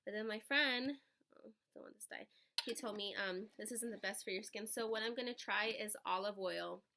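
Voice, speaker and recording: Young woman vlogger, bright gravelly voice, chatty and giggly, casual pregnancy update. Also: medium pitch, moderate pace. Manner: chatty, rambling, laughs often.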